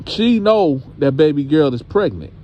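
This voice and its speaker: A man casually telling a story, animated and conversational, speaking directly to his audience. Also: fairly high pitch, unhurried. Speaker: storyteller host.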